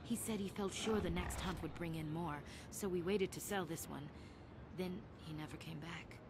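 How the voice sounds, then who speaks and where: A soft, desperate widow begging a stranger for help in a video game, as a woman voices her. Her voice sits a little low and comes through with clear noise behind it. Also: moderate pace, close to an everyday voice. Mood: pleading. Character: grieving widow of a desert hunter.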